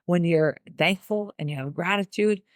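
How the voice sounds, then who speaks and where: A woman hosting a podcast, giving an energetic motivational pep talk and repeating phrases for emphasis. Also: lowish voice, normal speed, no room sound, studio quality. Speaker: podcast host.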